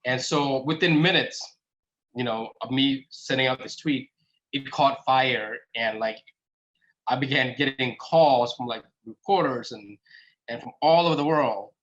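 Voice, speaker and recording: A man recounts his experience in casual spoken talk, leaning on fillers and acting out the conversations he had. His pitch sits in a middle range. The audio is dull and lo-fi. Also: a little slow, a bit bright. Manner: conversational, many fillers, acts out quoted exchanges. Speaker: speaker, app founder.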